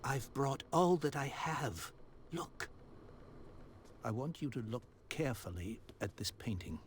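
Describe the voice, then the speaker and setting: A man voicing an elderly, grieving industrialist in a video game, speaking slowly and gravely as he pleads for help. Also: mid-range voice, lively intonation, slight background noise, close to an everyday voice. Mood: pleading. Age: older.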